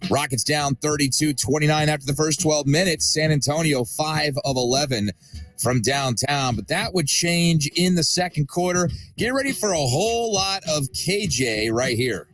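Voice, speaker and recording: A man narrating basketball highlights as a studio host, upbeat and setting up each clip. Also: moderate pace, fairly bright tone, soft background music. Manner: upbeat, hyping the next clip.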